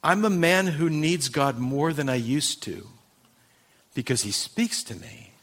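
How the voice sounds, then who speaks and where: Pastor guy preaching hard, fairly high voice, goes big then goes soft and low. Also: measured pace. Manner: impassioned, swings from loud emphasis to hushed intensity. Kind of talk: sermon.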